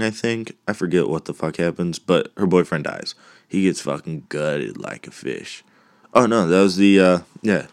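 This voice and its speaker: A man's voice: deep voice, no room sound, studio quality. A man hosting a podcast, chatting casually in a rambling, profane way. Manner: rambling, profane, laughing asides. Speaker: podcast host. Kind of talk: casual movie recap podcast.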